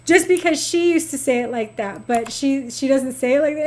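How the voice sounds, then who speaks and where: Her high voice moves fairly quickly, with hardly a pause, as this middle-aged woman streams a game. The talk is casual gaming chat, lively and fond toward her viewers.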